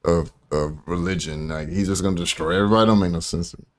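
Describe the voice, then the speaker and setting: A man's voice: low voice, steady tone, quick pace. An American man hosting a casual commentary stream, telling stories animatedly with many fillers, acting out quoted voices and swearing freely. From United States.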